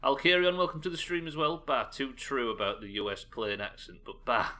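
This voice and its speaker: Bright-toned British male streamer. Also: medium pitch, lively intonation, fairly quick. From United Kingdom. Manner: chatty, reads chat aloud, self-interrupting. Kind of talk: casual live-stream chat while gaming.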